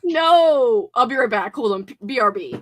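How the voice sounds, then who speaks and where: Giggly high-voiced young woman. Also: expressive, moderate pace. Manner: giggly, hyper and playful. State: tired voice. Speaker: livestream host. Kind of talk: casual chat.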